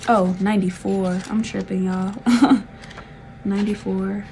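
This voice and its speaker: A woman's voice: medium pitch, little pitch movement, unhurried, dark tone, a little hiss or hum, poor audio. A woman from the South, giving a chatty, laid-back tarot reading with frequent giggles. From Southern United States. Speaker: tarot reader.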